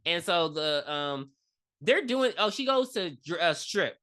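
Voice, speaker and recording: Podcast co-host, female, lively bright voice, swears freely, acts out scenes as she recaps them. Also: on the low side, unhurried. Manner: profane, animated, acts out characters in her retelling. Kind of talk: casual movie recap chat.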